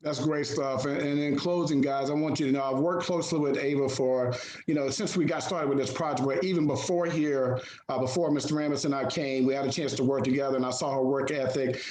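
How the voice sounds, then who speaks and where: A man's voice: mid-range voice, steady tone, a little fast, few pauses, darkish tone, echoey room, a little hiss or hum, rough recording. A man hosting an online community call, encouraging and a little hesitant, with many fillers. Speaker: host.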